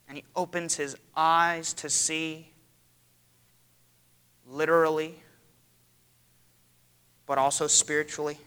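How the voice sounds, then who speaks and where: A man preaching a sermon to his church, dramatic and building to loud cries. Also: a little high, level tone, slow, long pauses, clean tone. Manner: dramatic, rising to loud cries when quoting. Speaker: pastor.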